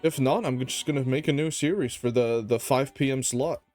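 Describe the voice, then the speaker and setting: A man's voice: mid-range voice, moderate pace, a little mellow. Tired guy rambling over his game, sleepy and jokey, faint music under it. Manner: sleepy, rambling, self-joking. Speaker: gaming channel host. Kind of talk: casual gameplay commentary.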